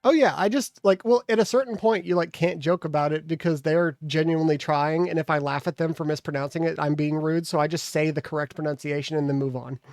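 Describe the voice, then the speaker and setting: A young man in casual stream chat, joking, laughing often and acting out stories with animated quotes. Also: fairly high pitch, fairly quick, hardly any pauses, no room sound, clean studio sound. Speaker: restaurant worker chatting on stream.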